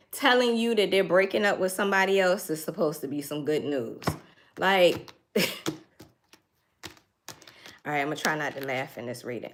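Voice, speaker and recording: A woman's voice: mid-range voice, fairly bright tone, slight background noise. Chatty woman doing a tarot reading. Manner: chatty, thinks aloud, laughs now and then. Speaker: tarot reader.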